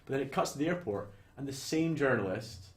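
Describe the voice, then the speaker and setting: A young Scottish man tells a film's plot in loose, animated chat, swearing as he goes and slipping into the voices of the people on screen. His voice sits at an ordinary middle pitch. The room has a noticeable echo. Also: a little fast. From Scotland. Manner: animated storytelling, swears freely, acts out lines from scenes. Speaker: podcast co-host. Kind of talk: casual film recap chat. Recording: roomy echo.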